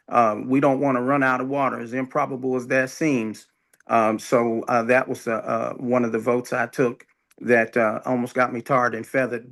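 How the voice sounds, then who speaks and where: Older former councilman, slow emphatic stretches. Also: medium pitch, fairly bright tone. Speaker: former city council member. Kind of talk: panel discussion.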